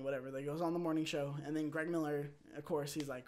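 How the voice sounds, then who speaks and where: A young man hosting his own channel, telling a rambling personal story in a casual, animated way and acting out quotes. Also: on the high side. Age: young adult. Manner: animated, rambling, with quick restarts and acted-out quotes. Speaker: channel host.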